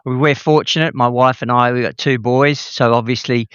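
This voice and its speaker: A man's voice: medium pitch, steady tone, normal speed, fairly bright tone, clear, resonant tone, dry recording. Wry man, muffled remote audio. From Western Australia. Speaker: podcast guest, educator. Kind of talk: casual conversational interview.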